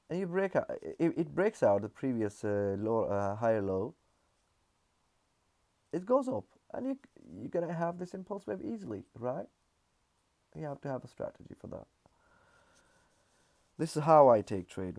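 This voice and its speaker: Low, mellow-voiced man explaining charts. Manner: loose, repetitive explaining with frequent fillers. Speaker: trading analyst. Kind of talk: casual market chart walkthrough.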